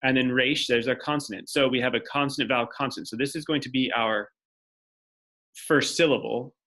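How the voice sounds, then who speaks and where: Writing on a board as he goes, a male teacher walks his class through a lecture step by step, reasoning out loud. His pitch is medium, his pace brisk, and his tone a bit bright.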